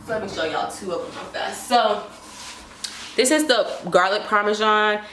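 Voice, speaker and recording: A woman's voice: mid-range voice, normal speed. A young woman vlogging a casual grocery haul, chatty and slangy, sometimes talking about herself in third person. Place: apartment kitchen. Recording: echoey room with clear background noise.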